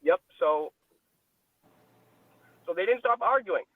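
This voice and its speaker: A high-pitched man tells a story over a thin, phone-like line with a dry, close sound. His talk is loose and rambling, peppered with slang and swearing. He comes across as a casual call-in voice on a live panel. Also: lively intonation, takes it slowly, no room sound. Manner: profane, slang-heavy, rambling.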